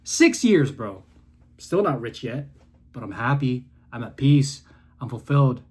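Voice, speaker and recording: A young man in his twenties delivers a fervent, preachy talk straight to camera from his room. His voice sits at a middle pitch and swings between hushed, low moments and near-yelling bursts of conviction. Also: unhurried, breathy edge. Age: 20s. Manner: intense, preachy, swings between quiet and loud. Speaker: content creator. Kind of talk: passionate motivational monologue.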